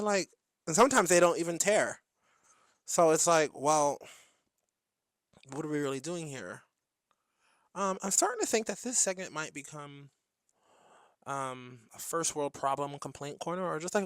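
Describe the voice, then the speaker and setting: A man's voice: a little high, a bit bright, no echo, studio quality. A man hosting his own show, rambling through a stream-of-consciousness monologue with giggles and filler words. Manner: rambling, giggly, breaks into sung jingles. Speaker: host.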